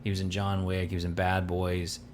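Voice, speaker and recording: A man's voice: low voice, completely flat delivery, moderate pace, a little hiss or hum. A man co-hosting a podcast, chatting casually and rambling as he searches for names. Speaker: podcast co-host. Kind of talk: casual chat.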